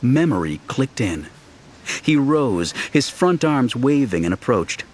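A man's voice: medium pitch, very animated, slow, darkish tone. A man narrating an audiobook, telling the story steadily and shifting his voice for characters.

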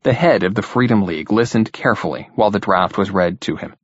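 Low, husky male audiobook narrator. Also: fast, dry recording. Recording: dull lo-fi dry recording.

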